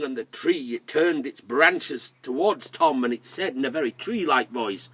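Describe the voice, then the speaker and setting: A man telling a folk tale to children in a lively way, inviting the listeners to join in. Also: mid-range voice, normal speed, hardly any pauses, slightly rough, distant mic. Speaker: storyteller. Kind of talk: oral storytelling for children.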